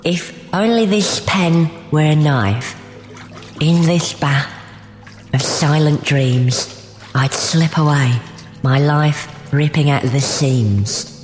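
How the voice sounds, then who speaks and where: Young woman as a deadpan mopey student, low voice, mournful, awkward, comedy sketch. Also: slow pace, soft background music. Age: young adult. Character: mopey, self-pitying female university student.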